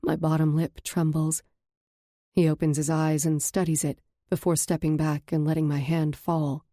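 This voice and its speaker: A woman narrating a first-person romance audiobook in an intimate, measured way. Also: low voice, level tone, mellow, no echo, studio quality.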